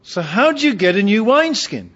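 A man's voice: high-pitched, big pitch swings, brisk, fairly bright tone. A man preaching a sermon with humour, asking his congregation questions, on a dull lo-fi recording. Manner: humorous, asks the congregation questions.

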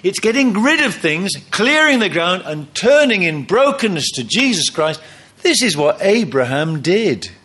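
A man's voice: sits high, big pitch swings, a little slow, bright, forceful tone, slightly rough. A man preaching a sermon, emphatic, often acting out quoted lines.

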